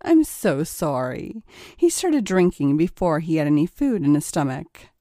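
A woman's voice: low-pitched, sing-song, a little slow, dark tone, no room sound, studio quality. A woman reading the part of a cunning, seductive female kidnapper in an erotic audiobook, with a teasing, cooing manner. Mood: sweet.

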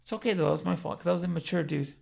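Very fast and gravelly, with a highish pitch and a darkish tone, a young man tells stories on his casual podcast. Profanity runs throughout, and "dude" pops up every few words.

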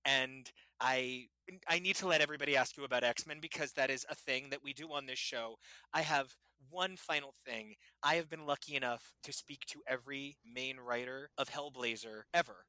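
Bright, gushing male podcast host. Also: mid-range voice, normal speed, no room sound, rough recording. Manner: gushing, enthusiastic, laughs often. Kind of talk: excited casual interview chat.

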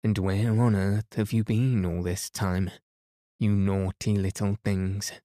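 A man voicing a sharp-tongued woman servant who scolds children, in a storybook reading. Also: lowish voice, little pitch movement, takes it slowly, dry recording, clean studio sound. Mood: scolding. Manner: stern, scolding.

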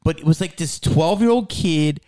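A man in casual chat, telling a story in a lively way, swearing freely and often calling his listener "dude". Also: a little high, moderate pace.

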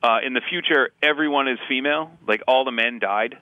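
Quick-talking male co-host, eager and chatty, bright voice, dry studio sound. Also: mid-range voice, dry recording, narrow, tinny audio. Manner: eager, chatty, many "like" fillers. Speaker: podcast co-host. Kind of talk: casual chat.

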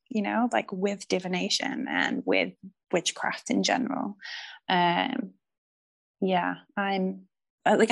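A woman's voice: mid-range voice, vocal fry. A woman guest chatting casually on a podcast, giddy and rambling, swearing now and then. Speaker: guest author on divination.

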